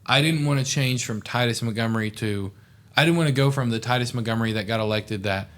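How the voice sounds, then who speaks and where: A fast-talking young man with a medium-pitched, slightly bright voice guests on a casual podcast interview. He's from southeast Oklahoma, was once a student officer, and speaks in an earnest, heartfelt ramble full of "like".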